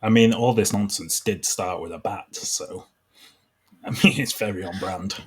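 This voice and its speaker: A man's voice: lowish voice, normal speed, husky. A man from Britain co-hosting a podcast live, chatting casually with a wry, sarcastic humor and frequent laughs. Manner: wry, sarcastic, laughs through his lines. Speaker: podcast co-host. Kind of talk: casual chat. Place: live online podcast recording.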